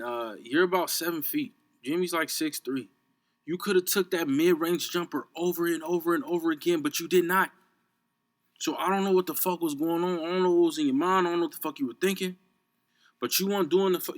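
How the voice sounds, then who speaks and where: Young male podcast host from Chicago, slightly high voice, heated and cursing, unscripted rant. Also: a bit bright. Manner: profane, heated, repeats himself.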